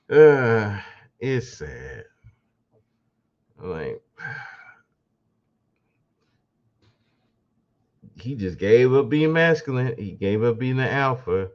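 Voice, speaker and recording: Male podcast host, low voice with lively swings, sarcastic solo commentary, dull lo-fi sound. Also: slow pace, pauses often. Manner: mocking, sarcastic, laughing asides. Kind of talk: casual commentary monologue.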